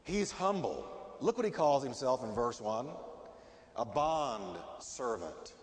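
A middle-aged man preaching a sermon as a pastor, emphatic and animated, often asking his listeners questions. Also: medium pitch, takes it slowly. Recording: long hall reverb.

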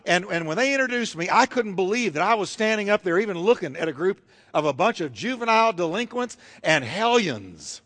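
A man's voice: high voice, a bit bright. A man preaching a fervent sermon, driving his points home with repeated rhetorical questions.

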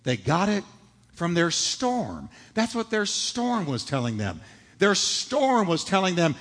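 A man's voice: sits high, huge pitch swings, slow pace, fairly bright tone. A man preaching a sermon, emphatic, asking rhetorical questions and answering them himself. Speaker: pastor. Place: church sanctuary. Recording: reverberant hall.

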